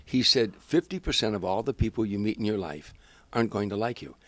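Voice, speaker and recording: An older man, a stand-up comedian, telling animated anecdotes as a guest in an interview. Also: lowish voice, brisk, no room sound. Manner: animated storyteller, acts out quoted voices.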